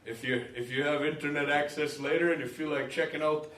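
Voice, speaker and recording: A man from Minnesota chats between songs in a library hall, easygoing and self-mocking, with plenty of "uh"s. His slightly high voice comes from a distance in a roomy, reverberant space, with accordion music faintly around it. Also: fairly even intonation, fairly quick, a bit bright. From Minnesota, USA. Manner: rambling, joking, with filler hesitations. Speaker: musician and performer. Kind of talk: chatty stage patter between songs. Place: live concert in a library hall.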